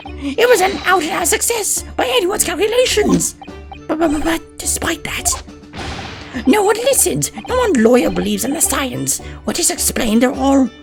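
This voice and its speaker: A woman voicing an eccentric, excitable male mad scientist, high-pitched and rambling in a gushing rush, reading game dialogue aloud. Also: gravelly, full character voice. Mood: excited. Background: game music.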